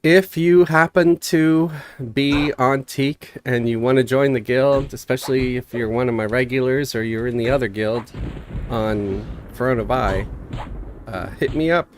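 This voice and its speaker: A man streams a game live, chatting in a relaxed, rambling way and reading viewer messages aloud, sounding a bit stuffy from a cold. His voice is mid-range at a moderate pace.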